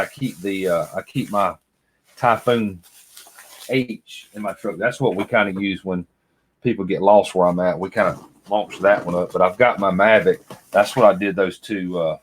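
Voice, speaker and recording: Guy, kinda low voice, middle-aged, rambling on and chatting with viewers while opening stuff. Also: fairly even intonation, moderate pace, slight background noise. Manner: rambling, folksy, talks to viewers by name. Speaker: vlogger. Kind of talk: casual chat while unboxing.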